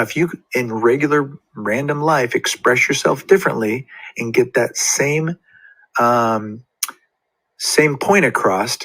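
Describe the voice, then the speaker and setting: A man's voice: mid-range voice, a bit bright, slightly rough, poor audio. A man who teaches Spanish explains verb tenses to his students, patiently acting out short example dialogues.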